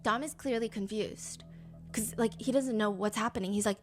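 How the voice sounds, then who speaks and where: A woman's voice: medium pitch, moderate pace, soft background music. A woman narrating a true crime story, reading text messages aloud and swearing casually. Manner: swears freely, reads texts aloud.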